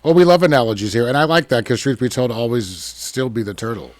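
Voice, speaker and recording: A man's voice: mid-range voice, quick pace, darkish tone, no echo. A man hosting a podcast, asking questions in an easygoing, affirming way. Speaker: podcast host. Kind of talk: casual interview.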